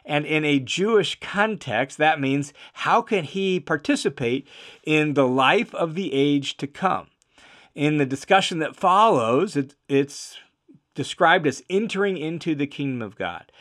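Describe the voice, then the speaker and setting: A man's voice: a little high, lively intonation, a little slow, a bit bright. A man teaching through a Bible passage verse by verse, in an earnest and emphatic explaining manner.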